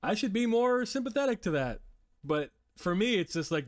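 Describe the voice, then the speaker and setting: A man's voice: high voice, big pitch swings, moderate pace, no room sound, studio quality, recorded from a distance. A man hosting a casual livestream, reading viewer comments and rambling in a self-deprecating way, laughing often and swearing. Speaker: livestream host.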